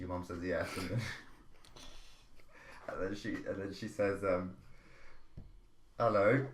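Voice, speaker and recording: A man's voice: lowish voice, reverberant. A man co-hosting a comedy podcast, telling rambling setups with frequent laughs. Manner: slow, rambling, laughs often. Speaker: podcast co-host. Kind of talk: casual chat.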